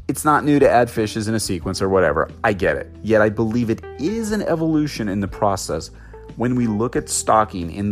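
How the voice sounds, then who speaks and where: Deep-voiced man musing on fishkeeping. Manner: thoughtful, musing, asks rhetorical questions. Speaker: aquarium hobby educator. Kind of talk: unscripted explanatory talk.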